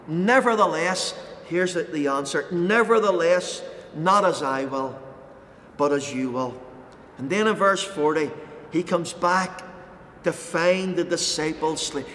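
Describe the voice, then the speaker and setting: A man preaching a sermon as pastor, impassioned, pausing dramatically and raising intensity when quoting. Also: high-pitched, fairly bright tone, big-room sound, slight background noise. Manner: impassioned, dramatic pauses, voices quoted lines with rising intensity. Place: church.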